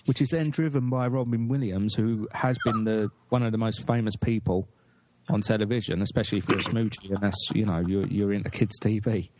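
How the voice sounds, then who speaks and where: A male podcast host rambles bluntly through a film rant, swearing freely. His voice sits a little low for a man, in loose, casual talk. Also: fairly even intonation, brisk, background noise. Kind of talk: casual chat.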